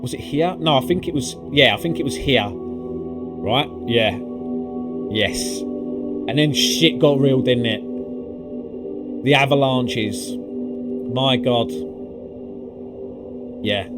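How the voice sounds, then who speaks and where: This gaming creator speaks slowly in a mid-range voice, pausing often as he recaps a game climb with music in the background. The commentary is casual, excitable, and profane, thick with swearing and filler words.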